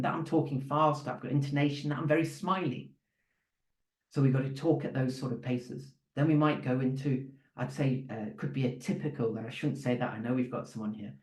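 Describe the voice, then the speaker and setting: A man coaching salespeople in front of a small live audience. His voice is warm and mellow, and he talks in a loose, conversational way, full of fillers and restarts. The room gives his voice a noticeable echo. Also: mid-range voice. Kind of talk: live training talk to an audience.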